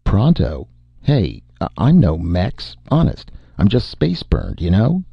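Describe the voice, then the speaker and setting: A man voicing a drunk, unsteady young male ex-spaceman who talks in a slurred, halting way. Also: low-pitched, wildly swooping pitch, gravelly, slightly rough, no echo, muffled recording, heavily acted.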